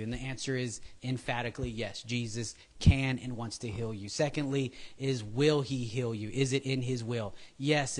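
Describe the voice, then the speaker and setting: A man preaching a casual sermon, chatty and prone to tangents, acting out what people say. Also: mid-range voice. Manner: chatty, goes off on tangents, acts out quotes in voices.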